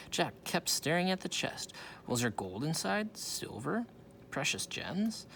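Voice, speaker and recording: Animated man reading a storybook. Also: fairly high pitch, a little slow, gravelly, slight background noise. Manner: animated, with small slips and self-corrections. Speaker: reader. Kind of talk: storybook read-aloud.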